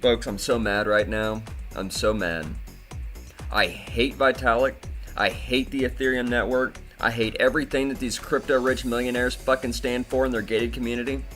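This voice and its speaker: A man delivers an indignant, profanity-laced commentary and keeps circling back to the same complaints. His voice sits at a middle pitch. Soft music plays quietly behind him. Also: steady tone, moderate pace. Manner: profane, indignant, repeats himself. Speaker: crypto video host. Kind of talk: angry commentary rant.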